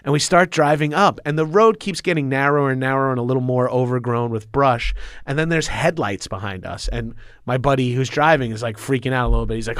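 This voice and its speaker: A man's voice: mid-range voice, fast talker, fairly bright tone, clear, resonant tone, no echo, studio quality. A man from Long Island, telling a story as a podcast guest in loose, rambling chat. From Long Island, New York. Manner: loose, rambling, swears and laughs often.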